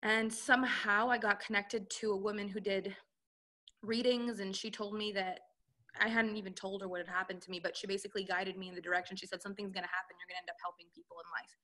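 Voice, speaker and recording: A woman's voice: medium pitch, steady tone, quick pace, bright, forceful tone. A woman coaching entrepreneurs, telling her personal story in an interview and acting out the dialogue she quotes. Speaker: relationship and business coach, guest.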